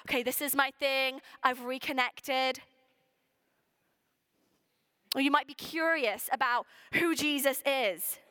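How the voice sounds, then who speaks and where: A woman preaching with a high, bright voice, earnest and emphatic. She acts out imagined voices as she speaks, and the sound is dry and close. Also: no room sound. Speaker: pastor. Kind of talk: Christmas sermon.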